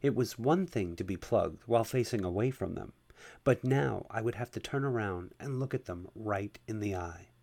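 A man reading a first-person erotic story aloud at a steady, unhurried pace. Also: lowish voice, vocal fry. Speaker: narrator.

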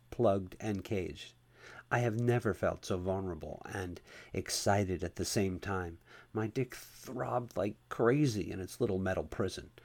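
Low, gravelly male storyteller. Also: a little mellow. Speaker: narrator. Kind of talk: first-person story reading.

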